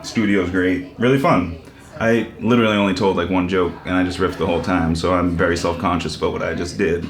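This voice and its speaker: A man doing loose stand-up, riffing with dark, profane, self-deprecating jokes. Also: low-pitched, fairly even intonation, a little fast. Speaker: stand-up comic.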